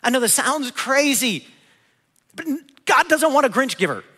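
Man, pastor, sermon, high voice, bright tone, long reverb. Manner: animated, voices biblical figures in quick asides.

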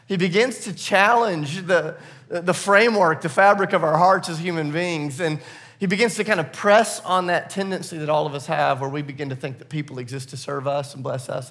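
A male pastor delivers a sermon, his voice pitched a little high. He talks in a loose, conversational way and pokes fun at himself while retelling a story. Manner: conversational, self-deprecating, animated retelling with laughs.

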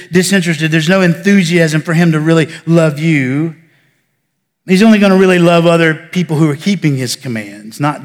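A man pastor preaching a sermon, building emphasis and then falling to soft near-whispers. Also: on the high side, a little fast, big-room sound. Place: church sanctuary.

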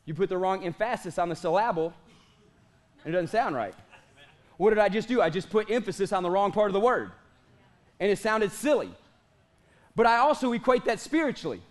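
A pastor in his late thirties with a very high voice for a man delivers an energetic sermon. He slows right down to stretch out key phrases, then speeds up and jokes with his congregation. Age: late 30s. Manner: energetic preaching, slows for drawn-out emphatic lines, jokes with the congregation.

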